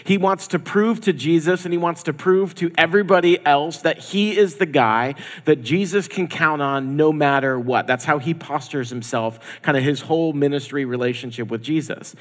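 A pastor giving a conversational sermon, acting out the people in the story in quoted voices. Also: male voice, a little high, normal speed, few pauses. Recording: long hall reverb.

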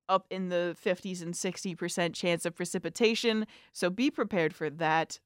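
A woman's voice: fairly low pitch, steady tone, moderate pace, hardly any pauses, dry recording, studio quality. A woman in her twenties co-hosting a college radio show, telling a story in casual chat and acting out the lines she quotes. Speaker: radio co-host. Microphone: studio microphone.

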